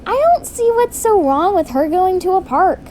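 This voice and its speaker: A woman's voice: very high voice, expressive, normal speed, dark tone, slight background noise, voice pushed up. A woman voicing a blunt, dismissive father.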